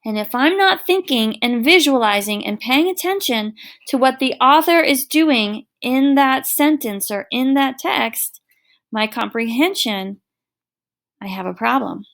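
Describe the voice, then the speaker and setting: Slow, patient woman teaching a lesson. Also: high voice, lively intonation, fairly bright tone. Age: middle-aged. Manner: slow, patient, explains with everyday examples. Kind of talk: recorded online lesson.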